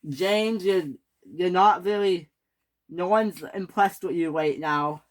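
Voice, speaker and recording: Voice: mid-range voice, slow, natural voice, low-quality recording. A performer voicing a stern railway boss who scolds his engines, in a toy train story. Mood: scolding.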